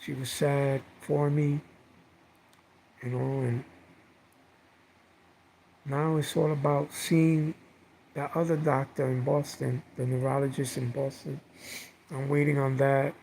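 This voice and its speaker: A man's voice: medium pitch, level tone, slow, gravelly, long pauses, a little mellow, a little hiss or hum, poor audio. A middle-aged man vlogging from home, telling a personal story in a rambling, heartfelt way, repeating words and using lots of fillers.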